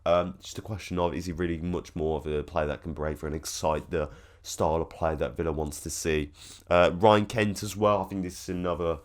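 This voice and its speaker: Deep-voiced football fan talking shop. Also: male voice, little pitch movement, fairly quick. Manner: rambling, filler-heavy, opinionated. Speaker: football fan channel host. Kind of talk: casual commentary to camera.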